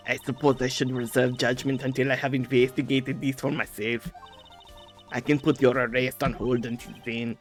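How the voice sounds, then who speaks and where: A streamer doing a quiet, brooding male prosecutor. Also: animated, faint music behind, natural voice. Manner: quiet, low, measured inner monologue. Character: calm reserved male prosecutor. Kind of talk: reading game dialogue aloud in character.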